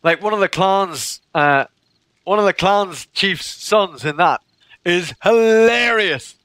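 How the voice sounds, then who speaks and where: A man chats loosely with his viewers while he plays, breaking into laughter again and again. His voice sits a bit high and swings up and down a lot. The tone is bright and heard close, with no room sound. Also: animated, moderate pace, no echo. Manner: chatty, laughs often. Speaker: game streamer. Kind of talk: casual livestream chat with viewers.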